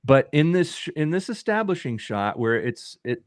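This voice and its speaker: A man's voice: on the high side, big pitch swings, moderate pace, no echo, studio quality. A man reviewing a horror trailer in casual chat, rambling and restarting his sentences as he thinks aloud. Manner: rambling, with frequent restarts and acted-out quotes. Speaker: movie reviewer. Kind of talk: casual discussion reacting to a trailer.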